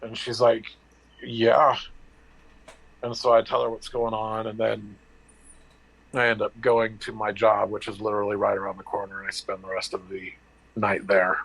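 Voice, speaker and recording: A man's voice: fairly low pitch, monotone, gravelly, a bit bright, husky, rough recording. A man candidly telling a personal story, blunt and profane, acting out the dialogue and restarting his sentences. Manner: halting with restarts and fillers.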